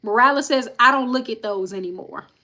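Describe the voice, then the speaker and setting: Talking fairly quickly, a woman with a somewhat high, bright voice recaps court testimony during a live stream. Plain readings of each quote alternate with sighs and direct comments to her viewers, and her tone remains casual and frank. A live-stream mic captures her.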